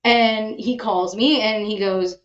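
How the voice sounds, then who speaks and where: Woman host chatting on a podcast, acts out voices, mid pitch, bit lo-fi. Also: slow pace. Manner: animated storytelling, acts out quoted voices. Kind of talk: casual chat.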